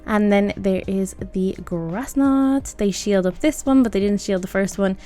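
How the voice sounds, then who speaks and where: A woman's voice: mid-range voice, measured pace, dark tone. A woman giving casual, self-mocking commentary over her own gameplay, laughing often at her mistakes. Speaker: gaming video creator. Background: background music.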